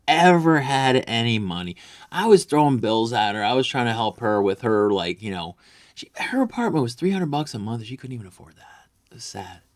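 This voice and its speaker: A man's voice: on the low side, a bit bright. A man ranting crudely about an ex, boastful, vulgar and rambling, as a comedy vlogger.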